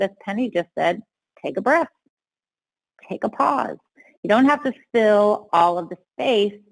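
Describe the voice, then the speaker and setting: A woman communication coach speaking with measured, deliberate emphasis. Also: medium pitch, creaky, poor audio. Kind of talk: instructional talk.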